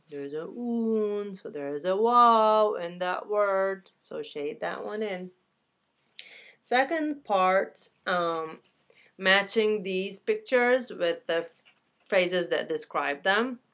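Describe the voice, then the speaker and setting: A woman's voice: fairly low pitch, fairly bright tone. A woman teaching a beginner language lesson, saying each word twice and chatting casually between words. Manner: casual, self-correcting. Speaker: Arabic teacher.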